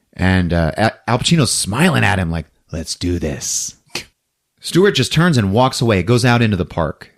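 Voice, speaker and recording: A man on a podcast retelling a film scene by scene, laughing often and acting out the characters' lines. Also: sits low. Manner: laughs often, acts out movie lines in quick voices. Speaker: podcast co-host recapping a film. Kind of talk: animated casual retelling.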